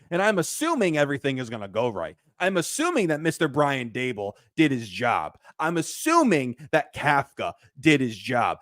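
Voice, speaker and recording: A man hosting a casual sports talk show, animated and emphatic, often repeating his points. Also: mid-range voice, no room sound, studio quality.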